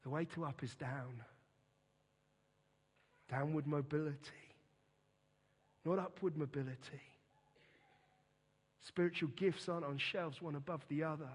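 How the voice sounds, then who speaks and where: A middle-aged man preaches to his congregation with a notably high voice, taking his time over each phrase. He repeats words for emphasis and presses his points home earnestly. His voice carries a long reverb from the church hall. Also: breathy edge. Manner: earnest, emphatic, slow and deliberate delivery. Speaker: pastor. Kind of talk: sermon.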